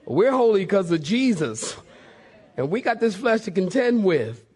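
Animated, playful male pastor. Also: sits high, unhurried, husky. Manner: animated, playful, acts out voices. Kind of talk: sermon.

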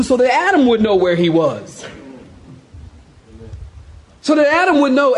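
A man's voice: very high voice, very animated, a little slow, long pauses. A male pastor preaching a sermon, telling stories with animation, laughter and acted-out voices.

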